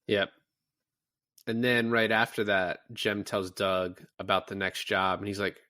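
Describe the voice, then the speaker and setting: A man co-hosting a podcast, casually reviewing a film and retelling its scenes with animated, profane enthusiasm. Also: fairly low pitch, measured pace, dry recording, studio quality. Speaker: podcast co-host. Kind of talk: casual movie review chat.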